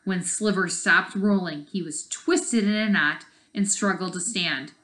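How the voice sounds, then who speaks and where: A woman teacher reading a chapter book aloud and pausing to explain the story. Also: on the low side, pushed and bright. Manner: explains the story as she reads. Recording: echoey room.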